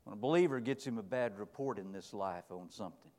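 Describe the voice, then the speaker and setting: A middle-aged man preaching a sermon, folksy, telling stories and asking rhetorical questions, moving between quiet and loud. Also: on the low side, fast. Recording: long hall reverb.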